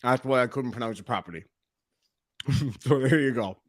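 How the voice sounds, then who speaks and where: A man's voice: mid-range voice, normal speed, no echo, studio quality. A man hosting a casual livestream, chatty and joking as he reads out donations. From Ireland. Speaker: livestream host.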